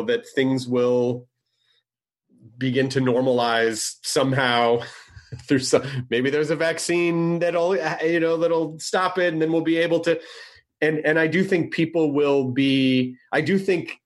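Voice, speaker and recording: A man in casual conversation, rambling with many fillers and restarts. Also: medium pitch. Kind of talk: casual chat.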